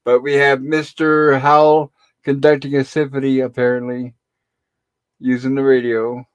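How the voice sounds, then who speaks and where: A middle-aged man hosts a casual online show, walking listeners through an old sitcom episode scene by scene. His voice sits at an ordinary pitch for a man. He rambles, pausing and filling gaps as he goes. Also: flat delivery, smooth. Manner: rambling retelling with pauses and fillers. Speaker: host. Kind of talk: casual episode recap on a live stream.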